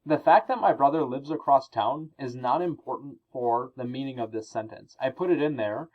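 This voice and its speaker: A man teaches a recorded grammar lesson at an ordinary mid pitch. He explains patiently and casually, with fillers and small restarts. The sound is slightly muffled and lo-fi. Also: moderate pace. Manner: explanatory, with fillers and self-corrections.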